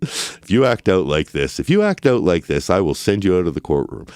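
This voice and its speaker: A man voicing a weary, patient judge who speaks calmly and deadpan, in a dramatic reading of a trial transcript. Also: fairly quick, smooth, no room sound. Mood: stern. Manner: calm, deadpan, low-key.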